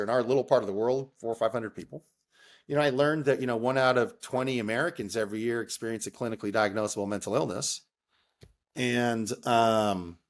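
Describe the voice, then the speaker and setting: A middle-aged man sharing his own story as an interview guest, earnest and emotional, often restarting sentences and checking in with a "right?". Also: medium pitch. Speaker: interview guest, mental health advocate. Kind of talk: candid personal storytelling.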